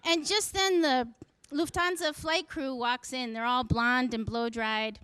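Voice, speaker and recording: Wry high-voiced woman telling a story. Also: fairly even intonation, measured pace, fairly bright tone, clean tone. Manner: wry, self-mocking, acts out voices. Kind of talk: comic personal storytelling.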